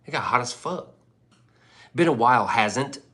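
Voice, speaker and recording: A man's voice: medium pitch, animated, a little slow, fairly bright tone. A man hosting a livestream in rambling casual chat, profane and loose, often laughing. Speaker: livestream host.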